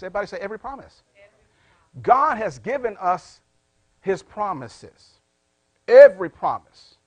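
A man preaching a sermon, asking his congregation questions and prompting them to answer, with big swings in loudness and pitch. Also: dry recording. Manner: call-and-response questions to the congregation. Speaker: pastor.

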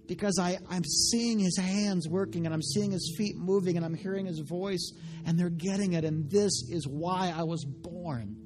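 A pastor preaching a sermon, retelling a story in voices and building to loud, passionate preaching. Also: male voice, high-pitched, moderate pace, soft background music.

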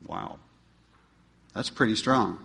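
A man preaching a sermon to his congregation, asking them questions and swinging between emphatic, pleading peaks and quiet asides. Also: lowish voice, slow pace, gravelly. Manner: asks the congregation rhetorical questions. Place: church. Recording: long hall reverb.

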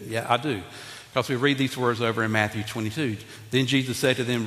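Male pastor, lively preaching style, voice carries with a long hall reverb. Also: mid-range voice, brisk. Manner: animated, talks to congregation, acts out Bible figures. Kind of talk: sermon. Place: church sanctuary.

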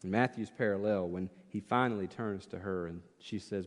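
A man's voice: sits low, moderate pace, hardly any pauses. A man preaching an expository sermon as pastor, passionate and rhetorical, repeating phrases for emphasis. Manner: impassioned, rhetorical questions, emphatic repetition. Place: church sanctuary. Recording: church hall with long reverb.

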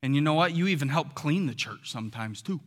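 A man's voice: a little high, animated, fast. Guy pastor preaching casual-style in church, keeps asking the folks questions, big echoey hall. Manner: asks the congregation rhetorical questions, often tags "right?". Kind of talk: conversational sermon. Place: church sanctuary with congregation.

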